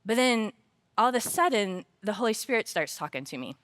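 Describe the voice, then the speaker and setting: Here a woman speaks a bit quickly at medium pitch, giving a faith-based talk on work at a conference. She spins lively, humorous anecdotes about her life, then becomes earnest and reflective in drawing the lesson from them.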